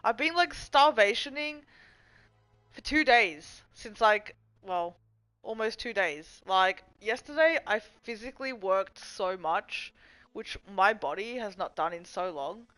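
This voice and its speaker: A woman's voice: medium pitch, lively intonation, a little slow, a bit bright, rough recording. A young woman rambling casually and swearing freely as she answers chat on her live stream from home. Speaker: livestream host.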